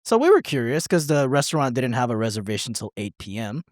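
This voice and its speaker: A man's voice: mid-range voice, sing-song, fast, no echo, clean studio sound. A man co-hosting a podcast, telling a rambling story in casual chat, swearing, laughing and acting out what people said. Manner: rambling, profane, laughing, acts out quotes. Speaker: podcast co-host.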